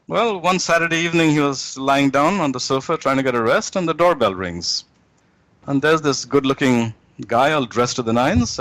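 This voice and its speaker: Man, interview guest, rambling, restarts, middle pitch. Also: a bit bright, dry recording, low-quality recording. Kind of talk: interview, telling jokes.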